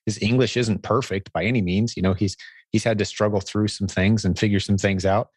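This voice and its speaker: Man, podcast host, very low voice, dry close sound, enthusiastic, rambling. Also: steady tone, fairly quick, breathy edge, dry recording. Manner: enthusiastic, rambling with self-corrections. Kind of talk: conversational interview.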